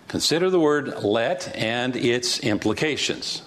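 A man's voice: mid-range voice, expressive, measured pace, few pauses, a bit bright. A male pastor teaching through Bible passages verse by verse, conversational and asking rhetorical questions.

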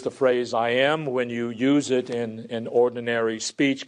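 A male preacher delivering a sermon, swinging from loud, emphatic passages down to hushed, quiet lines. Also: a little high.

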